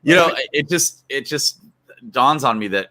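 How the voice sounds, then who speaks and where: A man guesting on a casual show, talking in halting bursts with many repeated words and frequent laughs. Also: medium pitch, lively intonation, sharp tone. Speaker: guest, mastermind group leader. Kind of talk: casual chat.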